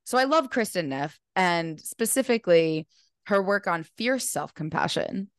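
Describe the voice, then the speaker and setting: A woman's voice: fairly low pitch, animated, measured pace, no room sound, clean studio sound. A woman speaking as a podcast guest and mindfulness teacher, talking earnestly and animatedly with many casual fillers. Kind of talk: casual conversational interview.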